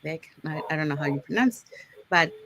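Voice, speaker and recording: Low-voiced woman teaching goal setting. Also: expressive, brisk, a bit bright, no room sound. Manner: explains step by step with many okays and restarts. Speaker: host. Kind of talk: online live session teaching.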